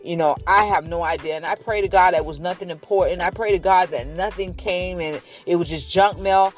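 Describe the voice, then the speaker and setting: A woman's voice: on the low side, brisk. Earnest woman vlogger, faint music behind. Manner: earnest and emotional, often repeats herself. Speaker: vlogger sharing a faith testimony. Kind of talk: casual spoken testimony.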